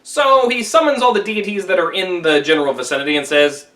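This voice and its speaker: A man teaching a classic story in a wry, casual, conversational way, pausing to comment on its meaning. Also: sits high, fairly bright tone, distant mic. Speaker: literature teacher.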